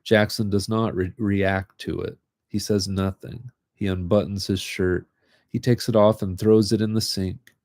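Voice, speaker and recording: A man reading literary short stories aloud in a calm, unhurried way, chatting casually between them. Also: lowish voice, no echo, clean studio sound. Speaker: reader of short fiction. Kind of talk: live reading of literary fiction.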